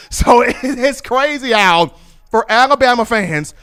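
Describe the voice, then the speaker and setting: A man giving casual, animated sports commentary and telling colloquial stories. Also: extremely high pitch, a little slow, smooth.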